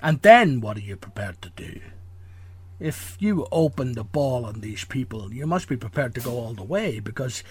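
A man doing a comic impression of a famous Scottish actor as a gruff older cop, with slushy s sounds. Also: on the high side, very animated, normal speed, pauses often, a little mellow. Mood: hammy. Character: gruff older Irish cop with a Scottish film-star lilt, hamming it up.

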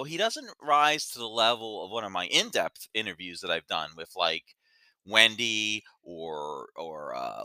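A man's voice: lowish voice, pushed and bright, clean tone, no room sound. A man hosting his own podcast, rambling casually and stumbling over his words with self-deprecating asides. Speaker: podcast host. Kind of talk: casual solo podcast monologue.

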